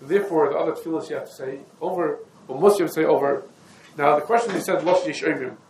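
A man's voice: a little high, fast. A man giving a halachic lesson, talking through the sources in a meandering, conversational way and mixing in Hebrew and Yiddish terms. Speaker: Torah teacher. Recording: echoey room with faint ambient noise.

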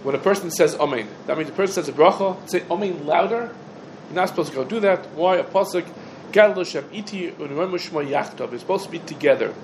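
A man with a slightly higher voice teaches an informal halacha class to a room of listeners. He keeps asking rhetorical questions and answering them himself. His speech is packed with Hebrew terms, with a faint hum of room noise behind him. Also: quick pace, low-quality recording. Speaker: Torah teacher.

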